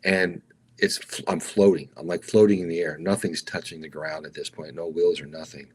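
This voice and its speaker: A middle-aged man, a stuntman guest, telling stories casually with animated energy, slipping into raised voices for other people and calling the host "dude". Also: low-pitched, moderate pace, breathy edge. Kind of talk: casual storytelling interview.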